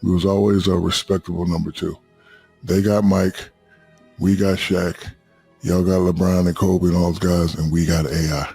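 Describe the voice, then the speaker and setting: Gravelly, very deep-voiced middle-aged man. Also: level tone, moderate pace, dark tone, faint music behind. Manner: loose, profane, anecdotal. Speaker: podcast guest. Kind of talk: casual storytelling chat.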